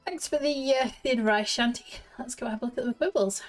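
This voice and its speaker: A woman's voice: on the high side, fast, faint music behind. A woman streamer casually thinking aloud and giggling as she plays through a game quest. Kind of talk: casual gameplay commentary.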